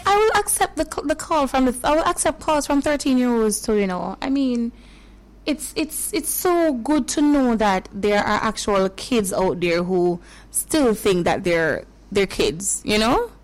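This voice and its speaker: A woman's voice: on the high side, expressive, measured pace, poor audio. A woman hosting a children's call-in radio show, playful and laughing often as she greets listeners by name. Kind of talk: lively call-in radio chat for kids.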